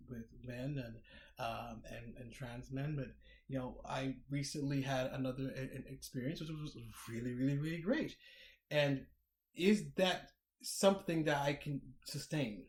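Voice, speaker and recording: A man's voice: mid-range voice, normal speed. A man co-hosting a podcast, talking in a reflective, casual way and often repeating words as he thinks. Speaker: podcast co-host. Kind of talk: casual chat. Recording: roomy echo.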